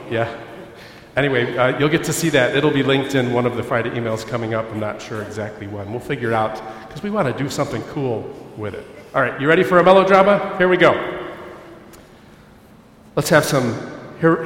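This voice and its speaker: A man's voice: medium pitch, slight background noise. Man, pastor, lighthearted sermon, banters with the congregation, roomy hall reverb. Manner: jokey, chatty, talks with the audience. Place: church hall. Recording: echoey church hall with long reverb.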